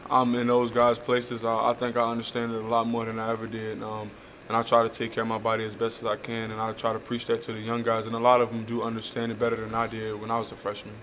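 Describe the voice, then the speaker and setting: A man's voice: on the low side, a little hiss or hum. A young man, a college football player, answering reporters' questions with many fillers. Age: young adult. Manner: halting, many uh fillers, flat delivery. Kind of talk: press conference answers.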